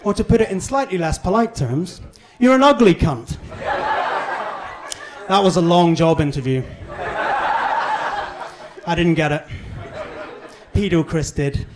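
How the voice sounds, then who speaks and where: A young man with a softened Northern Irish accent delivers quick, self-mocking jokes on a club stage. His voice sits high for a man. Audience noise comes through clearly around his stage mic. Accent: Northern Irish, toned down. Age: young adult. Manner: brisk, punchy, self-deprecating delivery. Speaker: stand-up comedian. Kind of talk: stand-up comedy set. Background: audience laughter and cheers.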